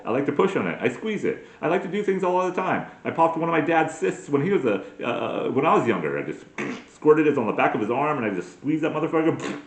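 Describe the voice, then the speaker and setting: A man's voice: medium pitch, reverberant. A man in his forties doing a crude, self-mocking comedic monologue as a podcast host, full of profane rants. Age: 40s.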